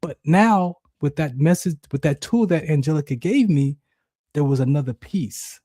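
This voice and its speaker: Animated man telling an emotional story. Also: moderate pace, dry recording, studio quality. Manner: emotional, animated, acts out inner voices in high shouts. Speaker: podcast co-host. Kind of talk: personal storytelling.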